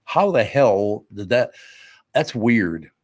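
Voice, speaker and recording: An older man hosting a podcast, chatting bluntly and telling animated stories with a bit of salty language. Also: fairly low pitch, slow. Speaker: podcast host. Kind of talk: casual studio chat.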